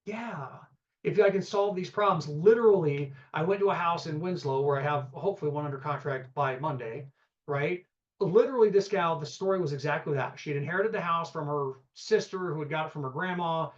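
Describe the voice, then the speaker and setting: A man teaching a live real estate investing seminar, energetic and conversational, peppering the audience with rhetorical questions and "okay?". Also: fairly high pitch, brisk, lo-fi sound.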